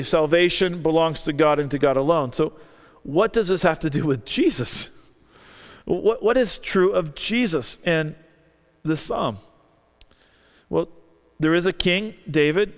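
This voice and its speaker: A man preaching a sermon, earnestly reading scripture aloud and lifting his voice for the quoted lines. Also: fairly high pitch. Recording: long reverb of a large hall.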